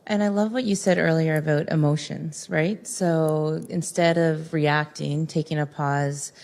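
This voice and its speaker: Low-voiced woman moderating an event. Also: steady tone, measured pace, vocal fry, darkish tone. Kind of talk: moderating a live Q&A. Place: event room with teachers.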